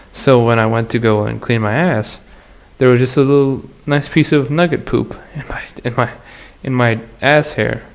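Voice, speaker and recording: Gravelly young-sounding man rambling crudely. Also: medium pitch, steady tone, measured pace. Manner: rambling, crude and slangy, with frequent laughs. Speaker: podcast host. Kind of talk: casual solo podcast monologue.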